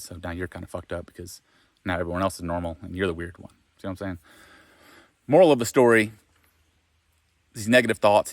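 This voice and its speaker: A man talks straight to the camera in a casual self-help monologue. His voice sits on the low side and the sound is dry and close. He rambles, speaks frankly and swears freely. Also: no room sound.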